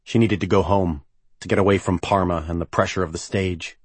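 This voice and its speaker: Deep, husky male audiobook narrator. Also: steady tone, a little fast, dry recording. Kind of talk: scripted narration.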